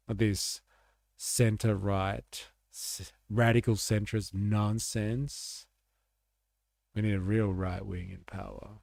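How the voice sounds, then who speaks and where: A man's voice: on the low side, level tone, slow, vocal fry, darkish tone, no echo, clean studio sound. A man giving casual, sarcastic political commentary on a livestream, rambling and reacting to clips. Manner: live-translates German clips.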